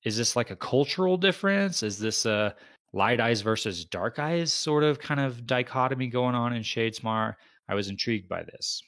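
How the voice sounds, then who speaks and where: A man's voice: medium pitch, expressive, normal speed, a bit bright, no room sound, clean studio sound. A man co-hosting a podcast, musing aloud and asking questions in a casual book discussion. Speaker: podcast co-host.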